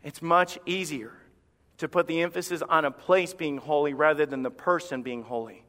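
Male pastor mid-sermon, bright and forceful delivery, dramatic pauses, reverberant sanctuary. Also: a little high, fairly even intonation. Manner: impassioned, emphatic preaching with dramatic pauses. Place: church sanctuary. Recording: long reverb of a church hall.

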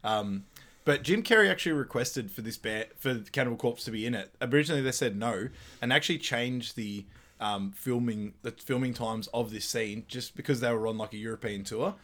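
A man's voice: medium pitch, fairly quick, fairly bright tone. Laid-back man recapping a film. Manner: chatty, laughs often, loose filler-heavy delivery. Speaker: podcast co-host. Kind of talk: casual movie recap chat.

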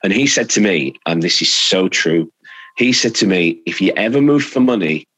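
A middle-aged English man, a radio presenter, chatting as a podcast guest and telling lively stories from his career. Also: deep voice, moderate pace, breathy edge, rough recording. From England. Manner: chatty storyteller, animated anecdotes. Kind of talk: casual chat.

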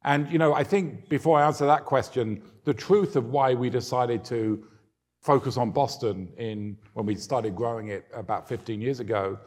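A man's voice: mid-range voice, darkish tone. A man from the UK, an airline chief answering interview questions in a chatty, self-deprecating way. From United Kingdom.

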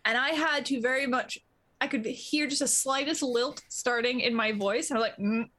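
Streamer woman, really high voice, chatty and animated, laughs in between. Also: normal speed. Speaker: tabletop game player and streamer. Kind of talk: casual chat.

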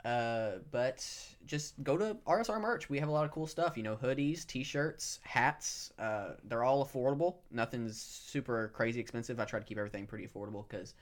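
A man hosting a podcast and acting as game master, talking in a relaxed, rambling way with lots of fillers. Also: medium pitch, a little fast, hardly any pauses. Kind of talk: casual ad read and game narration.

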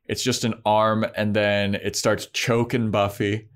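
A man with a somewhat low voice talks through a TV episode in relaxed, casual chat. He retells the scenes loosely and slips into quick playful quotes of the characters. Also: smooth.

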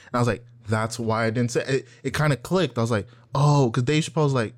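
A man talking casually on a podcast, his voice at an everyday middle pitch. He tells stories with lively energy, slips into the voices of the people he quotes, and swears freely. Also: fast, few pauses. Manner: animated storytelling, acts out quotes, profane. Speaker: podcast co-host. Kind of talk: casual chat.

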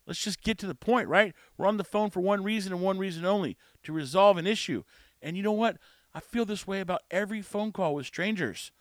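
Here a man with a high-sitting voice talks a little fast on a dry, clean studio recording. As a podcast host delivering a monologue, he grows exasperated recounting his frustrating day, telling it repetitively and acting out the dialogue in quotes.

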